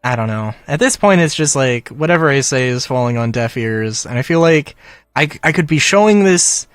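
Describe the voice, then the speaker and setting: A man's voice: mid-range voice, expressive, normal speed, clean tone, no echo, studio quality. A man ranting casually about a game, frustrated and rambling, with many fillers, sighs and short laughs. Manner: laughs between phrases. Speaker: gaming commentator. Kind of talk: casual rant to camera.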